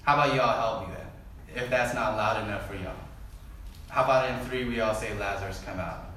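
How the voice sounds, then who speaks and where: This pastor speaks at medium pitch and a moderate pace, his tone a bit bright, as he jokes through a casual sermon and asks the congregation to reply. The echoey church hall recording carries a little hiss or hum.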